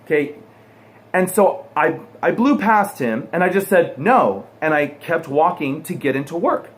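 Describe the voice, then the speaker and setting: A man's voice: fairly high pitch, normal speed. A man from the United States telling a personal anecdote to his viewers, acting out the people in it. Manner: animated storyteller, acts out quotes. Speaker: pool guy vlogger. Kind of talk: personal anecdote told to camera.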